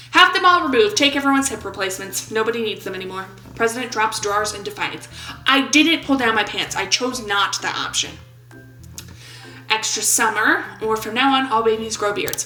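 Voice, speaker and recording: This gaming YouTuber, a woman of roughly twenty-seven, has a sharp, medium-pitched voice captured in a reverberant space on a rough recording. She plays around while commentating, reading the game's questions aloud, joking and briefly putting on voices.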